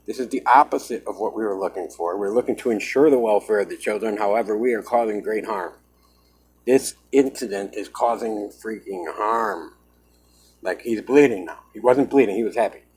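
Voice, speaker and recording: A man's voice: lowish voice, moderate pace, darkish tone, slightly rough, rough recording. A man talking to his own camera in an agitated, emphatic vlog monologue, often saying "man". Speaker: vlogger. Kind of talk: self-recorded vlog monologue.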